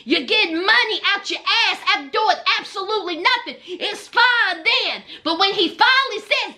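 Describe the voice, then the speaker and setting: A woman recapping a reality show with a very high, bright voice that swings all over. She is blunt and mocking, and she ducks into low, muttered asides. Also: animated, normal speed, hardly any pauses. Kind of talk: comedic reaction commentary.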